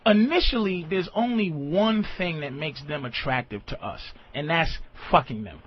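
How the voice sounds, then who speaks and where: A man hosting a radio call-in show, giving blunt, profane advice with animated storytelling, heard through a muffled radio broadcast. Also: on the high side, normal speed, slight background noise. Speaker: radio host.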